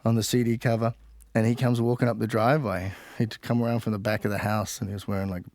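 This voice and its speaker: A man's voice: lowish voice, little pitch movement, quick pace, darkish tone, no echo. A man with a New Zealand accent, a guest musician telling a rambling story in a radio studio and laughing often. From Auckland, New Zealand. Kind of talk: casual storytelling.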